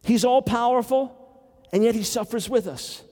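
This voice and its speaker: A man's voice: very high voice, moderate pace, dark tone, big-room sound. An older man, a grandfather, preaching a sermon earnestly with wry humor. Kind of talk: sermon teaching.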